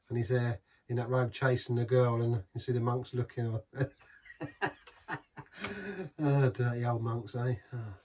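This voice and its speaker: A man's voice: medium pitch, darkish tone, recorded from a distance. Rambling English man, a bit off-mic. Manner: rambling, waffling, chuckling asides. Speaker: beer reviewer, channel host. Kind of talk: casual rambling review.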